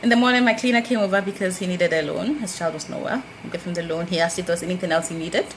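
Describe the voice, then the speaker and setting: A Ghanaian woman vlogging casually, telling a personal story and acting out quoted exchanges with lively jumps in her voice. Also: racing, a little hiss or hum, rough recording. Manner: animated, acts out quoted dialogue with big pitch jumps.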